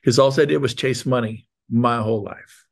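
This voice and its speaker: A man's voice: medium pitch, steady tone, moderate pace, vocal fry. A man in his fifties hosting a real estate sales meeting, giving an emphatic, emotional motivational talk and praising his guests. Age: 50s.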